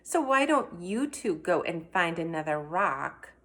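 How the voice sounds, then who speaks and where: A woman's voice: on the low side, sing-song, a little slow, fairly bright tone, heavily acted. A woman voicing a bossy, pushy schoolgirl in a read-aloud storybook, talking in an insistent, wheedling way. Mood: defiant.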